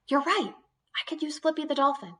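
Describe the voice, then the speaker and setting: A woman's voice: high-pitched, lively intonation, moderate pace, pushed and bright. A woman teaching an early reading lesson to young children, sounding out letters one by one in an encouraging way.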